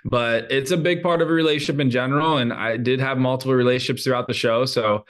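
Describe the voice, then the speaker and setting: A man's voice: medium pitch, steady tone, quick pace. A man as a guest in a casual interview, earnest and open, often restarting his sentences. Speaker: reality show lead, guest.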